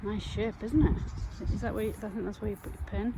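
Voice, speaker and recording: A Yorkshire woman chatting to camera out in a muddy field, easily excited by what she finds. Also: mid-range voice, fast talker, heavy background noise. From England. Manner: chatty, easily excited, talks to herself and viewers. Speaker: metal detecting vlogger. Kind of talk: casual talk to camera while digging.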